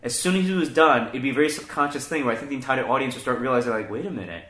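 Animated, bright-voiced man ranting. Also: medium pitch, racing. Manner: profane, animated, rants with mocking quoted voices. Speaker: comedian podcast host. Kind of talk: casual chat. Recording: echoey room.

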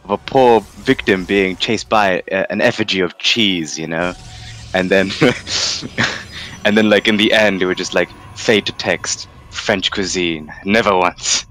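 This caster is a Londoner with a deep, slightly bright voice who takes his time. Commentating on a game tournament, he keeps things casual, rambling and joking with frequent laughter.

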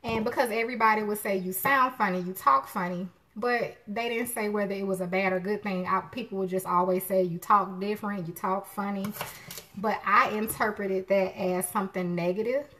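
People often comment on the unusual sound of this middle-aged woman's voice: medium in pitch, fairly bright, steady in tone and moderate in pace. She's hosting a live cooking stream in her home kitchen, chatting with viewers and greeting them by name.

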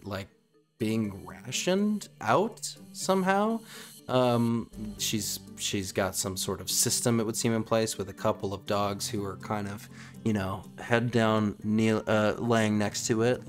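A man narrating as game master of a tabletop role-play game, rambling and full of ums. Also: fairly low pitch.

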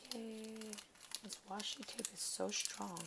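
A woman's voice: mid-range voice, steady tone, unhurried, gravelly, very noisy. A woman vlogger chatting casually while opening a craft mail package, gushing over each item and talking to the sender. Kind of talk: casual unboxing chat.

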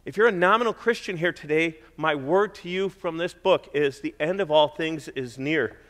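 A middle-aged male pastor preaching a sermon in a church sanctuary, earnest and exhorting, sometimes dropping to a hushed, prayerful tone. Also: on the high side. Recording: long reverb of a church hall.

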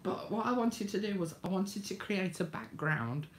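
A chatty woman leads a live craft demonstration in a homely way, greeting viewers by name as she works. Her voice sits at an average pitch, and a faint hum of room noise sits behind her. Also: moderate pace. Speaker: craft tutorial host.

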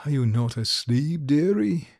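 A man reading a big bearded father who speaks softly and pleads with his sick daughter. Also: medium pitch, measured pace, no echo, clean studio sound, lightly acted. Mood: pleading. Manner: soft, pleading, apologetic.

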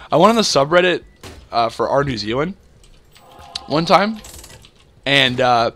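A man's voice: medium pitch, expressive, measured pace, pauses often, bright, forceful tone. A young man from Canada rambling through casual gameplay commentary, full of fillers and self-deprecating asides. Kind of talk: casual let's-play commentary.

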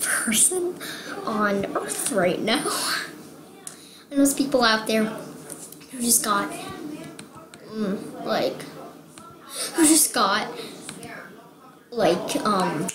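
Excitable whispering girl in an echoey room. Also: mid-range voice. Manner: excitable, rambling, often drops to a whisper. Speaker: game vlogger. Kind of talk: casual gaming vlog. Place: home room. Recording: echoey room with background noise. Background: TV sports broadcast playing.

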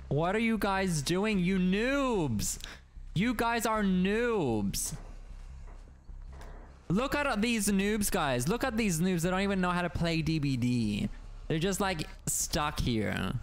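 A young adult streamer giving live gameplay commentary, excitable, swearing and shrieking often, laughing and taunting teammates. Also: mid-range voice, slow. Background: game music.

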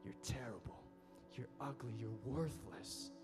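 A man speaking as an accusing devil figure in a low hushed voice during a sermon, sneering and cruel. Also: measured pace, loud music behind the voice, close to an everyday voice.

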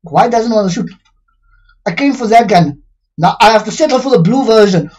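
A gamer giving casual, animated commentary while playing and talking to the game. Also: medium pitch, normal speed, long pauses. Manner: animated, exclaiming, talks to the game. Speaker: gamer streamer.

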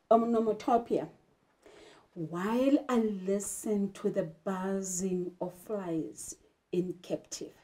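A woman's voice: medium pitch, mellow. A woman teacher from South Africa giving an English literature lesson, emphatic and asking rhetorical questions. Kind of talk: classroom lesson.

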